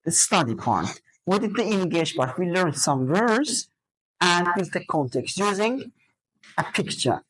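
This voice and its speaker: Slow, lively-pitched woman teaching a class. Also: breathy edge, rough recording. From Azerbaijan. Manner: drills students with questions and counted stress. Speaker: teacher trainer.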